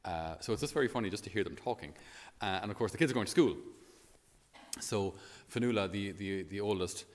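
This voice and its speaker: A man's voice: lowish voice, fairly quick, in a large hall. An Irish man, a priest, giving a homily in a chatty, storytelling way with many fillers.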